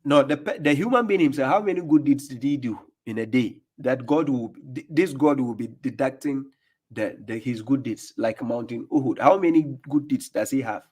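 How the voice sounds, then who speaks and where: A man reacting to video clips as an online preacher, with a mocking, confrontational tone. He fires off rhetorical questions and laughs in scorn. His voice sits at an ordinary middle pitch. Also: moderate pace, darkish tone, breathy edge. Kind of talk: combative commentary on video clips.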